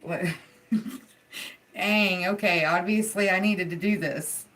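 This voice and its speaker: A woman hosting a healing livestream, speaking soothing affirmations and chatting casually with soft, giggly asides. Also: medium pitch, slow. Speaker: livestream host.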